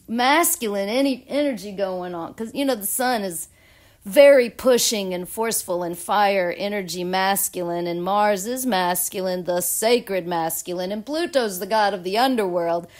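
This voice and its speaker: A woman's voice: mid-range voice, moderate pace. A woman vlogging a casual astrology and tarot reading, giggly and dramatic.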